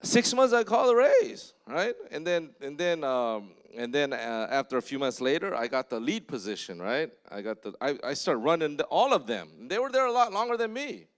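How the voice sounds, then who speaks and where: A man's voice: fairly high pitch, big pitch swings, moderate pace, few pauses. A man preaching a conversational sermon as pastor, telling stories and bluntly exhorting the congregation, often checking in with them.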